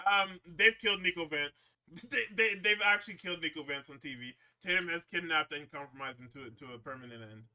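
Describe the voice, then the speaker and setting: A man's voice: fairly high pitch, brisk, sharp tone. A man hosting a podcast, recapping wrestling shows in a rambling, profane, casual way with frequent laughs. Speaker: podcast host.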